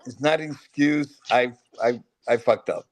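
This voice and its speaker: A man's voice: mid-range voice, unhurried, a crowd in the background. A man who is a comedian, a guest on a podcast, telling stories in casual chat and laughing through them.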